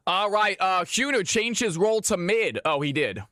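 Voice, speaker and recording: Man from georgia, live game caster, hyped announcer, high bright voice, dry sound. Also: animated, normal speed, dry recording. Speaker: streamer hosting custom games.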